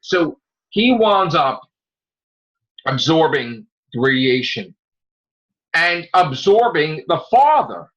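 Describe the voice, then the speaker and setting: A man hosting a casual podcast, rambling excitedly about comic books and swearing freely as he retells scenes. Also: on the high side, takes it slowly, pauses often. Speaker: podcast host. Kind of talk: casual comic book chat. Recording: dull lo-fi recording.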